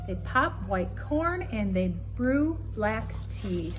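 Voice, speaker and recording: Woman, children's book reader, slow and singsong, slightly high voice. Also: big pitch swings, faint music behind. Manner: rhythmic, lilting, playful. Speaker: storybook reader. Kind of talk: reading a picture book aloud.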